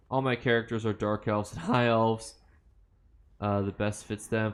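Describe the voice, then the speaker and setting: A young American man hosting a casual game livestream, reading viewer comments aloud and rambling through loose, filler-heavy answers with easy laughs. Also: lowish voice. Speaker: livestream host.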